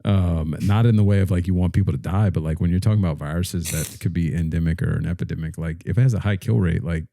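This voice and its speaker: Deep, gravelly man talking dry and close. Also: steady tone, fast, dark tone, no room sound. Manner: thinks aloud, hedging with fillers. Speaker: podcast co-host. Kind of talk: casual chat.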